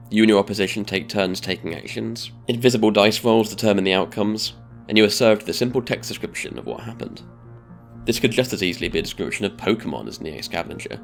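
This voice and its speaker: A man giving a scripted video-essay narration in a measured, deliberate way. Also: deep voice, gravelly.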